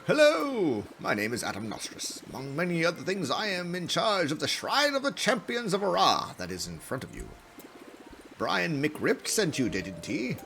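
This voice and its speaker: A man voicing a cheerful older male shrine keeper who chats warmly with an adventurer. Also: on the high side, creaky, heavily acted. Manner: chatty, welcoming.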